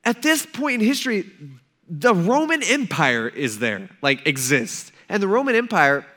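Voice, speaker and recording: A man's voice: high voice, big pitch swings, moderate pace, bright, forceful tone. A young man preaching a sermon as pastor, in a casual, conversational way with playful acted asides.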